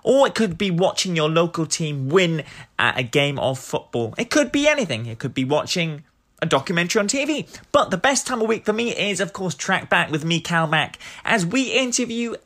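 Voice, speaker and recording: A man from England hosts a laid-back podcast, his voice bright and edged, rising and falling with lots of animation. He chats and jokes freely, teasing himself as he goes. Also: high voice, sing-song, moderate pace. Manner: chatty, jokey, self-deprecating. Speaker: podcast host. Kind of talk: casual podcast interview.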